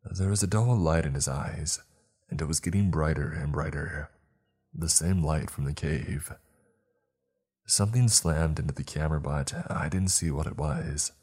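A man narrating a first-person horror story in a tense, measured way. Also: a bass voice, darkish tone, slightly rough.

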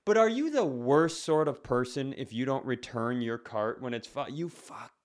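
A man's voice: medium pitch, lively intonation, normal speed. A man co-hosting a comedy podcast, rambling in loose casual chat, stopping and restarting his sentences and swearing freely. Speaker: podcast co-host.

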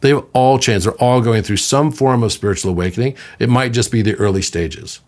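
A man in his fifties, a podcast guest, talking in a conversational, storytelling way, sometimes doing voices for quoted people. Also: fairly quick. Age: 50s. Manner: animated storyteller, puts on high voices for quoted children.

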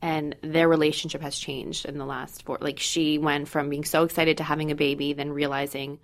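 Thirties mom host, low and a bit gravelly, chatty storyteller. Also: female voice, normal speed. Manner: lively storyteller, acts out quotes. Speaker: podcast host. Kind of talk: casual chat.

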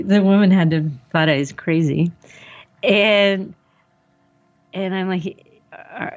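A woman's voice: mid-range voice, fairly even intonation, slow, long pauses, lo-fi sound. A woman telling a personal story in conversation, rambling and acting out the dialogue with lots of "like". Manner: rambling, acts out the dialogue, frequent "like".

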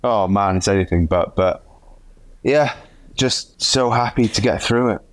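A male professional cyclist telling a race story in a chatty, animated way on a podcast. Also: on the low side, unhurried, no room sound. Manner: animated, chatty, acts out quotes. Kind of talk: casual storytelling chat.

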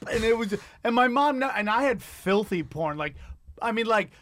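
A man's voice: high-pitched, expressive, moderate pace, a bit bright, no echo. A man in a podcast studio chatting casually, laid-back and full of profanity.

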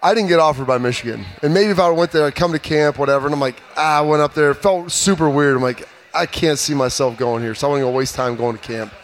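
A man in his thirties, a former player, telling stories in an animated, emphatic way during a casual sports chat. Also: fairly high pitch, quick pace, few pauses.

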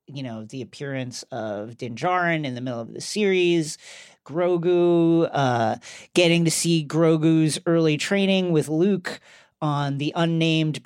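A woman co-hosting a podcast in casual, playful chat, pausing on fillers as she thinks. Her voice sits fairly low and is recorded close and dry. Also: no echo. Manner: playful, hesitant, with many fillers. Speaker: podcast co-host.

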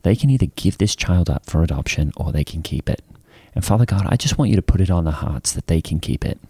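Guy doing a youth pastor, deep mellow voice, rambles on with lots of ums and uhs. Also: animated, fast talker, breathy edge, no echo, clean studio sound, heavily acted. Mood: rambling, earnest. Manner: rambling storytelling with many fillers and restarts. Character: rambling, self-satisfied male youth pastor. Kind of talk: improvised comedy character.

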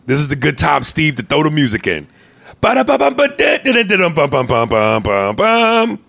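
A man co-hosting a comedy podcast, talking loud, profane and bossy in casual banter. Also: medium pitch, animated, fast, gravelly, no room sound. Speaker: podcast co-host.

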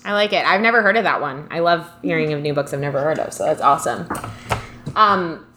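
A woman's voice: low voice, a little fast, sharp tone, a little hiss or hum. A woman co-hosting a podcast, chatting casually and enthusiastically about books, with many "like"s. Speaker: podcast co-host.

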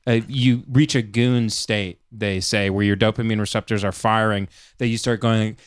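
A man co-hosting a comedy podcast in loose, casual chat. He rambles through explanations in a deadpan way, often restarting sentences. His voice is smooth and resonant, recorded close and dry. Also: lowish voice, moderate pace, no room sound. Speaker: podcast co-host.

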